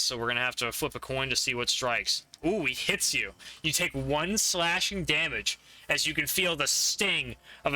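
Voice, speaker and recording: A man's voice: mid-range voice, bright, forceful tone. A man narrating a tabletop game as game master, describing the fight vividly and laughing often.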